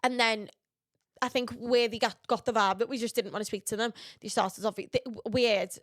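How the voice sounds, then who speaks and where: Young scouse woman chatting on a podcast, blunt, swears a lot, a bit high, dry close mic. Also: fairly even intonation, brisk, no echo. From Liverpool, England. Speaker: podcast host. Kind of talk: casual chat.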